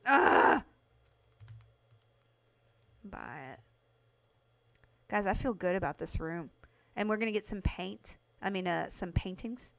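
A woman's voice: mid-range voice, normal speed, creaky, pauses often. Chatty woman streaming a game. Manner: chatty, talks to chat by name, excited bursts. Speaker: livestream host playing a video game. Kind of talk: casual live game commentary.

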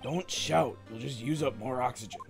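A woman voicing a calm, stern older man who gives terse, clipped commands. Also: a bass voice, normal speed, gravelly, over music. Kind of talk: reading game text aloud in character.

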